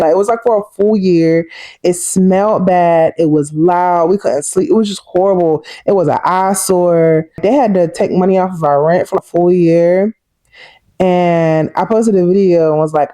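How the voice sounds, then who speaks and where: Warm-voiced woman vlogger, chatty. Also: lowish voice, no echo. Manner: chatty and heartfelt, speaks directly to viewers. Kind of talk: casual personal vlog.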